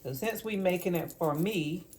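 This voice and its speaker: A woman with a somewhat low voice talks her way through a home cooking vlog in her kitchen. Her chat is loose and rambling, and she repeats words to stress a point. A faint hum of noise sits behind her. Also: normal speed, a little mellow. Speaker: home cook vlogger.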